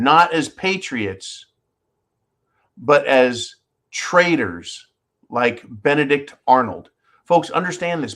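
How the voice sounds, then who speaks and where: A man's voice: mid-range voice, a bit bright. A man hosting a live show, ranting in a heated, profane way, repeating himself and calling his listeners "folks.". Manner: fired-up, profane, repeats phrases, addresses "folks". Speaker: host of a live call-in show. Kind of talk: heated political rant.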